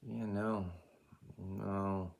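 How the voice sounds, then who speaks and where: A man in his forties with a very low, deep voice delivers a casual, fired-up monologue to his viewers. He speaks passionately and rambles, dropping asides as he goes. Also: little pitch movement, extremely slow, gravelly, a little mellow. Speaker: vlogger and life coach. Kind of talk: casual to-camera rant.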